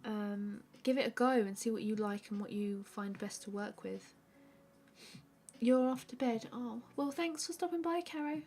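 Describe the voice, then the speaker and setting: A woman, an artist hosting a live stream, chatting casually and answering viewer questions with a relaxed, rambling manner full of fillers. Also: fairly high pitch, moderate pace, faint music behind. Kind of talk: casual chat while drawing.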